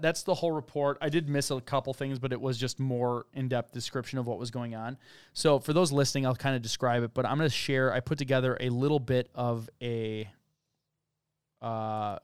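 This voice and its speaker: A man with a clean, resonant voice talks through a true-crime case in loose podcast conversation. He reads from documents and thinks out loud. The sound is dry and close to the mic. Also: medium pitch, smooth, dry recording. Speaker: podcast co-host. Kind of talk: casual true-crime discussion.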